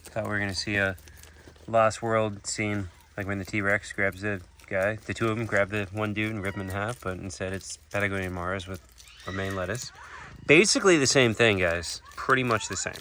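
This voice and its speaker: A man's voice: on the low side, normal speed, sharp tone, low-quality recording. A man hosting a casual vlog at an animal sanctuary, talking loosely with plenty of "like" and "you know". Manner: chatty, many "like" and "you know" fillers. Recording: outdoor noise in the background.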